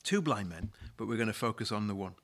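A man's voice: on the low side, animated, quick pace, fairly bright tone. A male pastor preaching a sermon, retelling a story in a conversational way and often repeating words as he restarts a thought.

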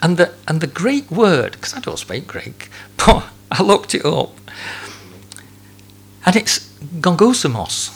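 A man preaching a sermon in a halting way, repeating words and chuckling between points. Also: high voice, very animated, gravelly, husky.

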